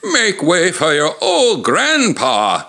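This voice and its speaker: A man voicing a shaky-voiced old grandfather who talks slowly and croaks in a quavering voice. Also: a little high, wildly swooping pitch, bright, forceful tone, voice pushed up, full character voice. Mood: doddering.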